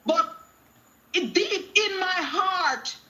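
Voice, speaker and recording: A high-pitched Jamaican woman calls in to a talk show and tells her testimony like a sermon. She quotes scripture and slips into patois as she acts out what everyone said. Her voice rings bright and sharp. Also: expressive, extremely slow. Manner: preachy storytelling, quoting scripture, acting out dialogue in patois. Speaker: caller.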